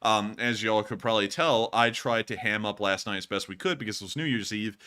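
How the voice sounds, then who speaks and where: A man's voice: on the low side, a little fast, bright, forceful tone, clean tone. A man hosting a live news stream, answering viewer questions in a chatty, joking way, a little sleepy and yawning. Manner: chatty and joking, laughs often. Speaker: war news stream host.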